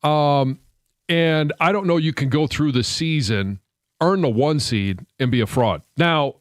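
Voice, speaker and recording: A man co-hosting sports talk radio, measured and ready to push back, often restarting his sentences, speaking into a studio microphone. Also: a little high, dry recording.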